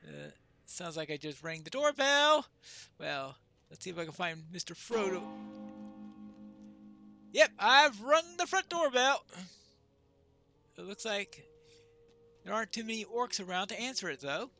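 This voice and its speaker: A man's voice: high voice, sing-song, a little slow, gravelly, pauses often, sharp tone, faint music behind. A man giving casual let's-play commentary, chatting wryly to himself as he plays. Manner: chatty, wry asides to himself. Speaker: gamer.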